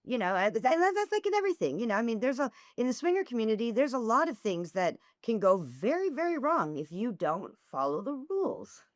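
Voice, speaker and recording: Animated, lively-voiced woman telling stories. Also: a little fast, few pauses, dry recording. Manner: animated storyteller, acts out dialogue with big pitch swings. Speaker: podcast guest, author. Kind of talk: candid interview conversation.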